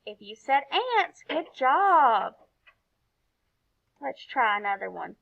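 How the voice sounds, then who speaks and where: A woman's voice: a little high, big pitch swings, slow pace, gravelly. A woman teaching a recorded phonics lesson to young children, sounding out each letter and praising often. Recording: dull, lo-fi recording.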